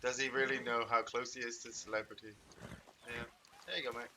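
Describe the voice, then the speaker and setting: A man's voice: medium pitch, flat delivery, fairly quick, sharp tone, rough recording. Chatty, swearing man streaming a game. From England. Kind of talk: casual live gameplay commentary. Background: game noise, hoofbeats and clicks.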